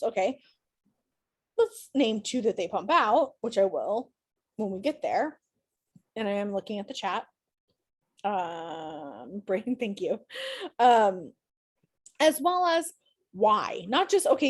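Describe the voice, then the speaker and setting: A woman's voice: a little high, a little mellow, husky. Upbeat teacher woman, tired voice. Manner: chatty, encouraging, upbeat with students. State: tired voice after a day of teaching. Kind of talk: online class lecture.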